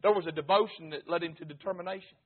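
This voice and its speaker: High-pitched impassioned preacher, tinny sound. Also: male voice, racing, husky. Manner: impassioned preaching, rising and dropping between shouts and low murmurs. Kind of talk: sermon.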